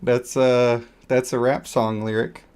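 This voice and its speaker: A man's voice: mid-range voice, level tone, slow pace, darkish tone, clean tone. A man streaming a video game, chatting casually in a rambling, joking, self-deprecating way. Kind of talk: casual live-stream chat over gameplay.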